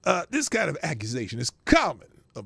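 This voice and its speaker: Male show host, sarcastic news reader, gravelly, very animated delivery, dry close sound. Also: fairly high pitch, a little fast, dry recording. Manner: sarcastic, stumbles over words and laughs at himself. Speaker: podcast host. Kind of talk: reading news aloud with sarcastic commentary.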